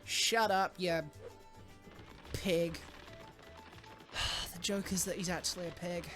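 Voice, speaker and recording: Foul-mouthed excitable young woman streamer. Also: lowish voice, slow pace, faint music behind. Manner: swears often, loud excited squeals when thanking donors. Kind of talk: casual live-stream chat.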